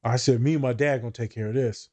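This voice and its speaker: A man's voice: medium pitch, steady tone, fast talker, mellow. A man co-hosting a casual podcast chat, telling blunt, profane stories about his work as a therapist.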